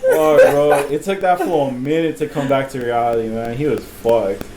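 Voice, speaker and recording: A man's voice: medium pitch, lively intonation, moderate pace, darkish tone, slight background noise, rough recording. A young man hosting a podcast, telling a rambling, profane story full of laughter and "bro.". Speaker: podcast host. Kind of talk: casual storytelling chat.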